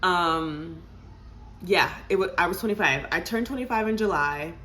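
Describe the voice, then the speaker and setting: A young woman in her twenties tells a casual vlog story to her viewers, animated and laughing and calling them y'all. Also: fairly low pitch, normal speed, a little hiss or hum. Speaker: vlogger.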